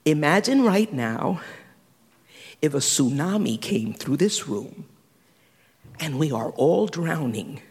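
Male preacher, high voice, lively swooping pitch, sermon, reverberant hall. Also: breathy edge. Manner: animated, swinging from loud to hushed, quick asides. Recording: long reverb of a large hall.

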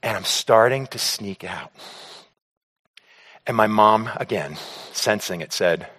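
A man telling a personal story to an audience on stage in an animated way, acting out scenes and often stammering and repeating words. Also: lowish voice, takes it slowly, husky. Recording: long hall reverb.

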